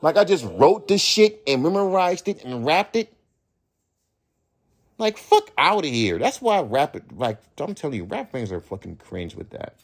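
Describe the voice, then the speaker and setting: A man rants on his own podcast, heated and profane. His voice sits a little high for a man and swings widely in pitch. He mocks the people he is talking about by mimicking them. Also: very animated, measured pace. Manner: imitates critics in a higher voice. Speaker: rapper and podcast host. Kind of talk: ranting solo podcast.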